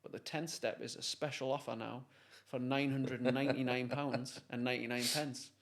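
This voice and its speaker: A man playing a slick male salesman who delivers a pitch. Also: steady tone, normal speed, lightly acted. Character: smooth male salesman with a paid system.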